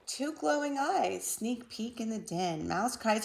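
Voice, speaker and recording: A woman reads a picture book aloud to young children, taking her time over every line. Her voice sits a little high with a gravelly edge, and she keeps it playful and sing-song. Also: sing-song, takes it slowly, few pauses. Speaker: storybook reader.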